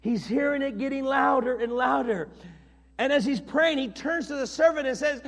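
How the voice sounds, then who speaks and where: A male pastor preaching a sermon in an animated, dramatic way, acting out scenes with shifting voices. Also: very high-pitched, normal speed. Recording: long reverb of a church hall.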